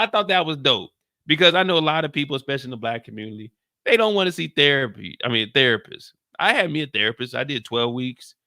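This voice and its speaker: A man hosting a casual TV recap, talking in an animated, slangy and joking way. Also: mid-range voice, no room sound, clean studio sound. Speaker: show host.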